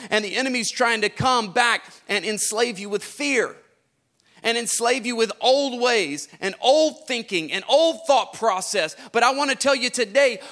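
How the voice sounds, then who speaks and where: A man preaching a livestreamed sermon, swinging from hushed, slow lines to shouted, sing-song repeated phrases. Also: sits high. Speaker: pastor.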